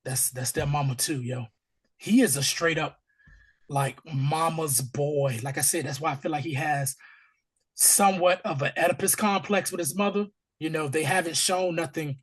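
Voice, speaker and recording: Male podcast host, hoarse and husky, casual animated recap style. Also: fairly high pitch, normal speed. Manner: animated, acts out scenes in character voices. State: hoarse from allergies. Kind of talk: casual TV episode recap chat.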